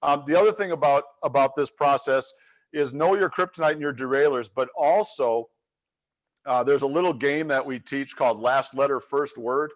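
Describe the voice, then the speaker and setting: A middle-aged man with a medium-pitched voice and a moderate pace works as a leadership coach. In a webinar he tells a story animatedly, acting out the quotes.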